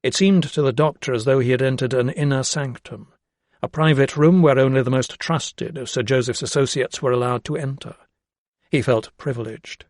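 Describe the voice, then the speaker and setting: A mid-range male voice narrates an audiobook from a script, keeping a measured, even tone throughout. The clean studio sound has no echo at all.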